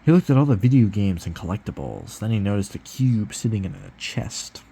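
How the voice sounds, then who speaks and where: Low-voiced man reading with snarky asides. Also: very animated, brisk, vocal fry, dark tone, a little hiss or hum. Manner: sarcastic, swears in asides. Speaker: channel host reading a book aloud. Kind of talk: casual read-aloud with sarcastic asides.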